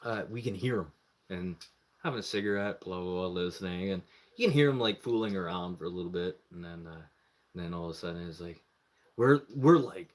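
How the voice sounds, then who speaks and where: A man's voice: fairly low pitch, fairly quick. A man on a live stream telling a long story in a casual way, swearing freely and acting out what other people said. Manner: animated, profane, acts out the voices of others.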